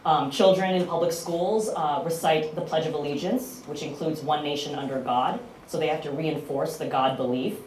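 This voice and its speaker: An American woman speaking on a conference panel, loud and chatty with self-mocking humor. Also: deep voice, fairly even intonation, moderate pace, few pauses, slight background noise. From United States. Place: conference hall. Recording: roomy hall from far off.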